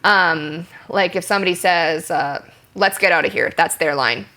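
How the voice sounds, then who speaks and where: Bright-voiced woman explaining acting. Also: lowish voice, moderate pace. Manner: chatty, explains with acted-out example lines; frequent ums and likes. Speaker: actress, interview guest. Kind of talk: candid interview conversation.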